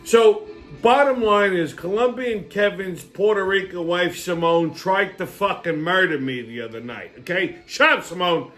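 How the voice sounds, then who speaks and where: A middle-aged host spins a rambling, foul-mouthed story and breaks into laughter often. His voice sits high for a man. Faint music plays underneath. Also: moderate pace, a bit bright. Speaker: podcast host. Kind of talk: casual storytelling monologue.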